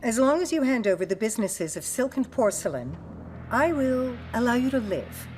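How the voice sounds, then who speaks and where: An actress in an English dub playing a scheming palace noblewoman who threatens with condescending calm. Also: on the high side, moderate pace, a little hiss or hum. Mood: silky threat. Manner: silky, condescending. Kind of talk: English dub of a period drama.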